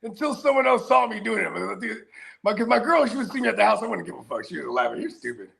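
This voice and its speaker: High, gravelly laughing man. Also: big pitch swings, fast talker, a bit bright. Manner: laughs often, acts out quotes in other voices. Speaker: podcast co-host. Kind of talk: casual chat.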